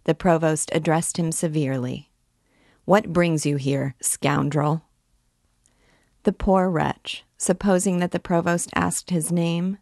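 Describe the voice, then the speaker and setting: A woman reading a classic novel aloud, narrating in a measured, steady way. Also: low voice, no echo, clean studio sound. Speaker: book reader, guide.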